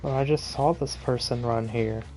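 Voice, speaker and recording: A man's voice: mid-range voice, steady tone, moderate pace, over music. A man giving casual commentary while streaming a game, chatty and complaining about his luck. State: tired, yawning. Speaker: gaming streamer.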